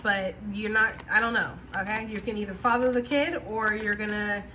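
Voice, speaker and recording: A woman's voice: medium pitch, fairly even intonation, moderate pace, bright, forceful tone, slight background noise. A woman giving a casual, rambling tarot reading, talking straight to her viewers. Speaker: tarot reader.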